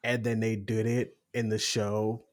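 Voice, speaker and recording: A young man co-hosting a casual podcast chat, excited, swearing often and acting out quotes. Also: on the low side, unhurried. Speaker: podcast co-host.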